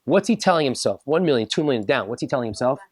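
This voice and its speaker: A man's voice: medium pitch, expressive, fast, no echo. A man, a rabbi, giving a humorous lecture to a live audience, joking and acting out little dialogues.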